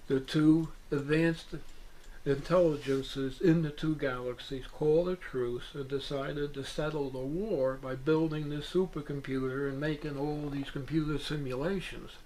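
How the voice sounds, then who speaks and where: A man's voice: medium pitch, darkish tone, a little hiss or hum, rough recording. A man in an interview telling a long first-person account in an earnest, meandering way with hesitant restarts. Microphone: VHS interview recording.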